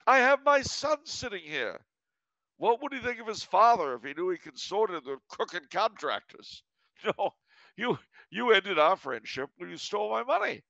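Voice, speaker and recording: A man's voice: medium pitch, animated, normal speed, gravelly, a bit bright, dry recording, highs cut off. A man voicing an older, shrewd businessman who answers with mock-cheerful sarcasm. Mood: scornful. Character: sardonic older male businessman, shrewd and scornful.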